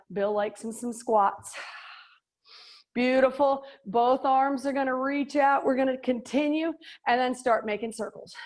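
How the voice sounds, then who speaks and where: A middle-aged woman instructing a live workout class, upbeat and joking, counting out reps and slightly out of breath. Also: on the high side. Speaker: fitness and yoga instructor.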